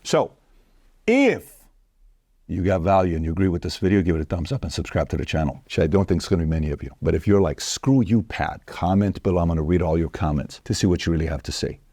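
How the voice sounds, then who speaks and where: A man hosting an opinion commentary, talking straight to viewers in an animated, mocking way. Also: low voice, quick pace, dry recording, clean studio sound. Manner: animated, mocking, acts out quoted women in a raised voice; addresses viewers directly. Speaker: host.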